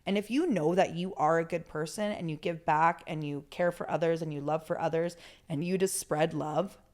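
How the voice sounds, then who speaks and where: Candid, low-voiced woman guest. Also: moderate pace. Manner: candid, swears freely, animated storytelling. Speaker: podcast guest, therapist. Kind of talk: casual conversational interview.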